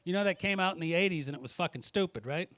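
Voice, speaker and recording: A man's voice: sits high, animated, racing, fairly bright tone. A middle-aged man doing a brash, profane stand-up set on a comedy club stage, teasing the audience between jokes. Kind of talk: stand-up set with crowd work.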